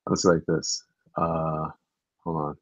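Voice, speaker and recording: A man's voice: extremely low pitch, little pitch movement, moderate pace, no echo, muffled recording. A man hosting a live stream and reading the chat, talking hesitantly with many restarts. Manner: hesitant, restarts a lot, repeats "listen".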